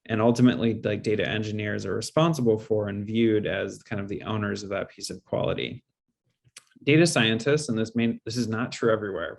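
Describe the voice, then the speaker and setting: A man speaker answering audience questions in a webinar, measured and explanatory, with frequent fillers. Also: lowish voice. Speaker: guest speaker.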